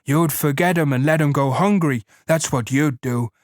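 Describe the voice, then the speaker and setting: A man's voice: medium pitch, normal speed, no echo, clean studio sound, close to an everyday voice. A man voicing a scornful imaginary rabbit that taunts in a contemptuous rural drawl. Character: scornful giant imaginary rabbit, male, mocking.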